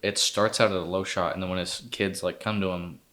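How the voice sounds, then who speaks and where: A man's voice: low voice, fairly even intonation, a little fast, fairly bright tone. A man co-hosting a casual film discussion, concise and analytical, with dry humor. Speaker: podcast co-host.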